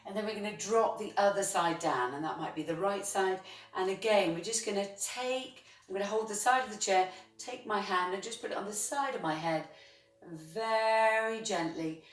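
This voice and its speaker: A woman leading a chair yoga class, guiding breaths and movements with gentle, encouraging praise. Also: medium pitch, moderate pace. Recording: roomy sound from a distance.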